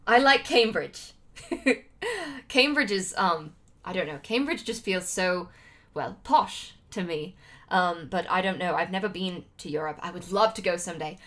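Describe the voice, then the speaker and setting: Young streamer girl from utah, lowish voice, rambly and full of ums and restarts. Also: normal speed, fairly bright tone. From Utah, United States. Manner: rambling, with many fillers and restarts and frequent laughs. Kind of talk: casual chat to a livestream.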